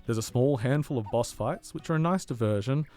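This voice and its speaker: A man's voice: medium pitch, fairly quick, dark tone, soft background music. Chatty man hosting a games podcast. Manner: enthusiastic, chatty, laughs easily. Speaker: podcast co-host and game reviewer. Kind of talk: casual chat, then read-out review. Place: community radio studio.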